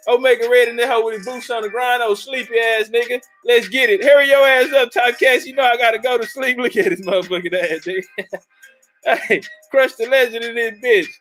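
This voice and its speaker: High-voiced, hyped-up profane livestream man. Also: rough recording. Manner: loud, profane, hyped-up banter with chat. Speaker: livestream host. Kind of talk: casual livestream shout-outs.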